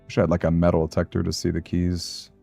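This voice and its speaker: A man's voice: low-pitched, monotone, quick pace, vocal fry, mellow, soft background music. A man playing a video game and thinking aloud, anxious and muttering to himself as he plans his moves. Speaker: gaming streamer. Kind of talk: let's play commentary.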